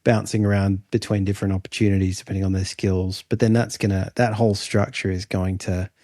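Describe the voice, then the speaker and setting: A man's voice: low-pitched, flat delivery, fairly quick, warm tone, no echo. Australian male podcast co-host in his thirties, dry close sound, loose musing delivery. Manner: musing, rambling with restarts. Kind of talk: casual chat.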